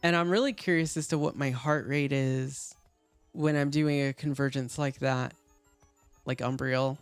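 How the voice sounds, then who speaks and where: A man's voice: medium pitch, steady tone, unhurried, clear, resonant tone, no room sound, faint music behind. A man chatting casually and rambling with lots of fillers as he streams a game. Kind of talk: casual gaming stream chat.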